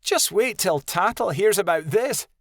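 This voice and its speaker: A man's voice: high voice, expressive, measured pace, fairly bright tone, no echo, clean studio sound, voice pushed up, full character voice. A man voicing a proud, boastful young she-wolf in a fantasy audiobook. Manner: boastful, snappish.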